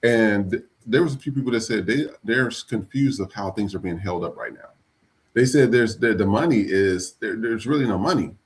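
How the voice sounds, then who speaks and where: Male podcast host, casual and blunt, rambling delivery, slightly low voice. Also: moderate pace. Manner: blunt, profane, rambling with restarts. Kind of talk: casual live podcast commentary.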